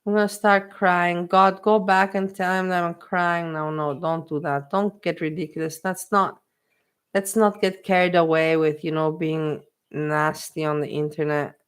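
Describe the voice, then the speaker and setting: A woman's voice: on the low side, fairly even intonation, unhurried, clean tone. Emotional woman chatting on a livestream. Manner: emotional, repetitive, talks to her chat. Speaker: livestream host. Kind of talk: casual livestream chat.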